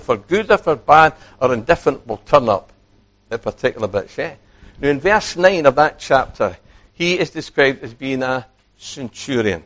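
A man preaching a sermon, animated, acting out quoted speech and putting questions to his listeners. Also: mid-range voice.

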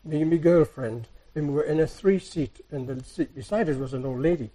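A man giving a sermon, a soft-spoken, rambling storyteller who retells everyday encounters. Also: on the high side, brisk, breathy edge, rough recording. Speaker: church speaker. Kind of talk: anecdotal sermon.

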